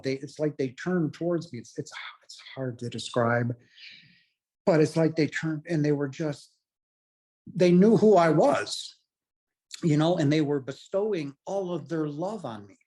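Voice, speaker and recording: Recounting his brush with death, this man in his late forties speaks as an earnest, emotional guest. His voice is husky with a darkish tone and a fairly high pitch.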